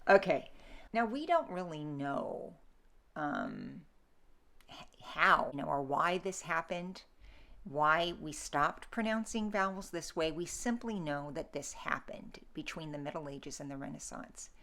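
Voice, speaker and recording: A woman's voice: low-pitched, animated, measured pace, a bit bright. A woman lecturing students on Middle English pronunciation, patiently demonstrating sounds and checking in with a frequent okay. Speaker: literature instructor.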